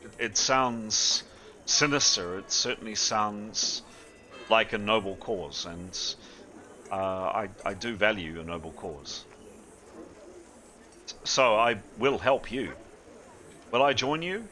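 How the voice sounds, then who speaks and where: A man voicing an older woman, a proud and stubborn former mercenary commander, in a low, measured, emotional way. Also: sharp tone. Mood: defiant.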